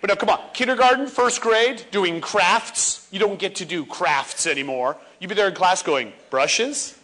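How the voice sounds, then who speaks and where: A man in his forties giving a comedic speech on stage, animated and acting out scenes for laughs. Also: sits high, normal speed. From Ontario, Canada. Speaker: motivational speaker. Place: stage before a live audience.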